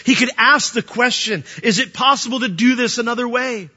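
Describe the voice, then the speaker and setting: A man preaching a sermon, animated and emphatic, often asking the listeners questions. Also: very high voice, fairly quick, lo-fi sound.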